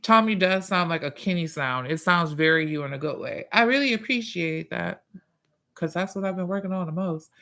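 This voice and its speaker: A man hosting a casual livestream, reading viewer comments and chatting in a profane, drawn-out way. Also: high-pitched, creaky, bright, forceful tone. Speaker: livestream host and musician.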